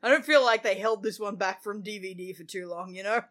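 Woman co-host, sarcastic and gleeful in casual banter, average pitch. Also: brisk, a bit bright, a little hiss or hum. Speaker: podcast co-host. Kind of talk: casual chat.

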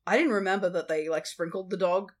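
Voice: medium pitch, fast talker. A podcast co-host in a casual movie review chat, blunt and sweary, laughing often.

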